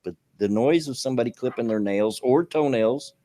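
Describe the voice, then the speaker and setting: A man's voice: mid-range voice, normal speed, mellow. An older man co-hosting a casual online radio chat, folksy and rambling with many fillers. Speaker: co-host.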